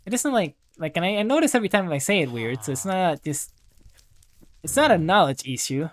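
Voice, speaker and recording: A young adult gaming host rambles through casual gameplay commentary at a desk mic, using "like" constantly and making fun of themself. The mid-range voice swings widely in pitch and moves fairly quickly.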